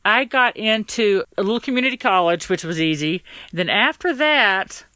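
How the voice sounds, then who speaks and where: A woman's voice: mid-range voice, animated, normal speed, sharp tone, no room sound. A woman sharing a personal story as a podcast guest, blunt and profane, acting out the exchanges she recalls and close to tears.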